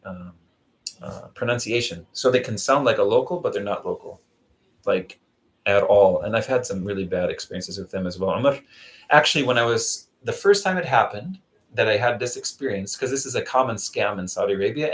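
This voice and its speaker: A man's voice: lowish voice, poor audio. Casual rambling man on a live stream. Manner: rambling, storytelling, answers viewer comments. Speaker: vlogger doing a live stream. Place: Zamboanga City.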